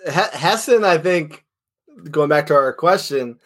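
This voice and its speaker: A man's voice: fairly high pitch, animated, a little slow, a bit bright. A man co-hosting a podcast, chatting casually about a film, swearing, laughing and stumbling over restarts. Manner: profane, stammering restarts, laughing. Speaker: podcast co-host. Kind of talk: casual chat recapping a film.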